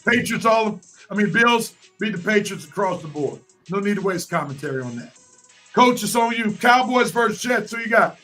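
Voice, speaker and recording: Brisk high-voiced man hosting a sports panel. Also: animated, pushed and bright, soft background music. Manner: brisk, moves the panel from pick to pick. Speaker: host. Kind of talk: casual sports talk. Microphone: video call.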